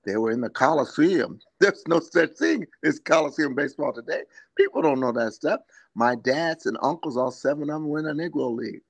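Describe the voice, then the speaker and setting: A man's voice: a little high, lively intonation, brisk, creaky. An older man, a former ballplayer, telling rambling anecdotes in a live video interview, acting out the voices of people in his stories and laughing often. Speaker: former baseball player, guest. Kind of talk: animated storytelling in a live interview.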